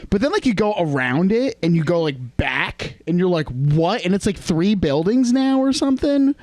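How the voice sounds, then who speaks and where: A man chatting casually as a podcast co-host, rambling with lots of pauses and restarts. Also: high voice, big pitch swings, darkish tone, dry recording. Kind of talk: casual chat.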